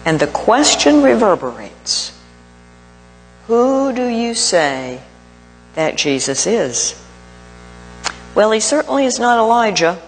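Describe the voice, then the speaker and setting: A male preacher delivers his sermon at an unhurried, measured pace, leaning on pauses for emphasis. His voice rings out with a long reverb, as in a large hall. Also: high-pitched, a little hiss or hum.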